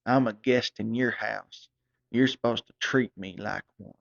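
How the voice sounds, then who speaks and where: A man's voice: on the low side, fairly even intonation, measured pace, creaky, dry recording. Small-time troublemaker, cocky and coaxing drawl, played by a man; dull, dry audio. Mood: defiant.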